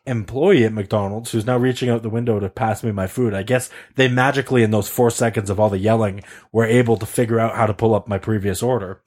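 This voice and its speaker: A man's voice: on the low side, steady tone, fast, hardly any pauses, darkish tone. A young man telling a story in casual chat, acting out quotes and swearing often. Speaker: podcast co-host telling a story.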